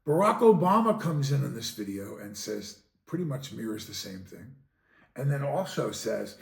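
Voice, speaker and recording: A man hosting a podcast in a heated monologue, swinging from loud outbursts to low, sarcastic mutters. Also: very animated, normal speed, vocal fry. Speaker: podcast host. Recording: echoey room, distant mic.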